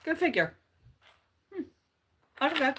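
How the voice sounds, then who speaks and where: A woman's voice: high voice, very animated, a little slow, a bit bright. A woman hosting a casual livestream, chatting playfully and laughing at her own jokes. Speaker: channel host.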